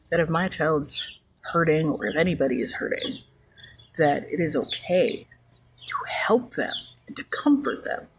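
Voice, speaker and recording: A woman's voice: low voice, slight background noise. A mother speaking to camera in an emotional, earnest and rambling way about her own experience. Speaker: mother sharing a personal story. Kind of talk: personal video monologue.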